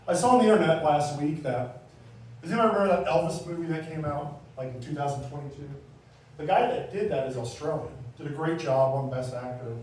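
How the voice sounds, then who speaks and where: High-voiced man doing stand-up, echoey. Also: a little mellow, a little hiss or hum. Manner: chatty, teasing the crowd. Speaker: stand-up comedian. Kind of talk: stand-up comedy set. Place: small comedy club. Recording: echoey club from far off.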